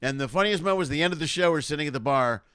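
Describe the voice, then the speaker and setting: A man from Chicago, a comedian hosting a show, telling stories over a video call in a casual, profane, animated way, laughing as he goes. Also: fairly high pitch, very fast, clear, resonant tone, dry recording, studio quality. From Chicago, USA. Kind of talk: casual conversational storytelling.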